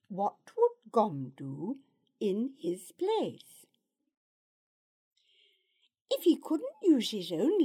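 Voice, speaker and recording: Slow, expressive woman narrator for an audiobook, lively pitch, measured storytelling delivery.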